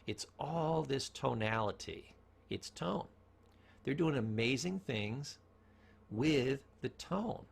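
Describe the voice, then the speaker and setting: Man, motivational speaker, raspy fry in the voice, storytelling, rhetorical questions. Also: mid-range voice, lively intonation, takes it slowly. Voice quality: gravelly, husky voice. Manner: storytelling, asks rhetorical questions, varies tone for emphasis. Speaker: speaker on communication. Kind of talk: motivational talk.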